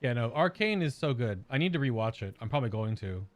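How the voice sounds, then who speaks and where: A man's voice: mid-range voice, very animated, quick pace. Rambling American man streaming a game. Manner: rambling, searches aloud for words. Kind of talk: casual gameplay chat.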